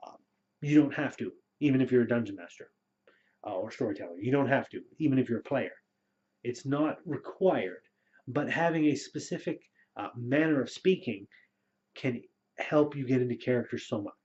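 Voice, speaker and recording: Casual male storyteller, mid pitch, lo-fi muffled sound, chatty and filler-heavy. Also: moderate pace. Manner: relaxed, rambling with frequent fillers. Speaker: storyteller and game master. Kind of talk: casual spoken advice video. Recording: dull lo-fi recording.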